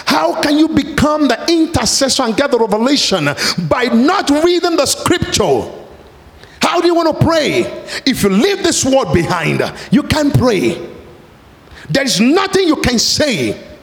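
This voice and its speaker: A man preaching a sermon, speaking with passion and at times rising to shouted pleas. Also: very high-pitched, very animated, unhurried, gravelly. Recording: long hall reverb.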